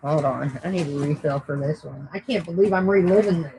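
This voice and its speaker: A woman's voice: low-pitched, brisk, dark tone, a little hiss or hum, poor audio. A woman hosting a livestream, telling a rowdy personal story in a rambling, profane, blunt way. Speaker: livestream host. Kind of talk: casual storytelling.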